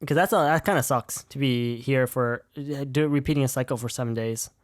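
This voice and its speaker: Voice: mid-range voice, brisk, no echo, studio quality. A streamer casually commenting on a game they are playing, swearing often, rambling and calling themself an idiot. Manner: swearing, rambling, self-deprecating.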